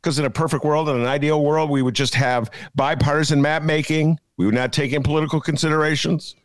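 A man's voice: fairly high pitch, steady tone, quick pace, no room sound. A middle-aged man hosting a casual political talk show, jokey and rambling. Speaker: podcast host.

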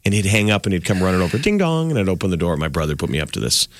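A man's voice: deep voice, very fast, no echo, clean studio sound. A man co-hosting a morning radio show, chatting casually and acting out voices in his anecdotes. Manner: animated storyteller, acts out voices in anecdotes.

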